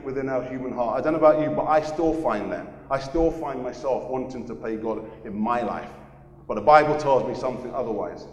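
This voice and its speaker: A man preaching a sermon, earnestly sharing his testimony and repeating phrases for emphasis. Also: medium pitch. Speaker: pastor. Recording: echoey hall.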